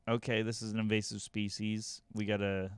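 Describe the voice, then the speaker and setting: A man's voice: lowish voice, little pitch movement, a little fast, clean tone, no room sound. A man from Syracuse, New York, a comedian guest chatting casually on a podcast and telling stories with some stammering. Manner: stammering, self-deprecating storyteller.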